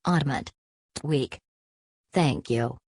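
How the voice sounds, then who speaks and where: A woman voicing an elderly, whimsical male headmaster wizard who speaks warmly and without hurry. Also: very deep voice, very slow, husky, no room sound, studio quality, heavily acted. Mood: genial.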